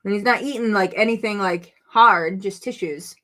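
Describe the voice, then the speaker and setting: A woman's voice: mid-range voice, moderate pace, bright, forceful tone. A woman hosting a crafting vlog from home, chatting casually and rambling to her viewers while she works.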